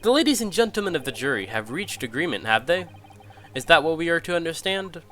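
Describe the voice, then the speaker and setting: A man's voice: on the high side, very animated, a little fast, bright, forceful tone. A man voicing a formal older judge presiding over a court, with stately courtroom phrasing.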